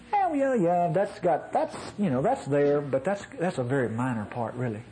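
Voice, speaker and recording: Animated folksy nasal preacher man. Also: a little high, normal speed, hardly any pauses, a little hiss or hum, poor audio. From North Mississippi. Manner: folksy, chuckling asides, animated emphasis. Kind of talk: conversational sermon.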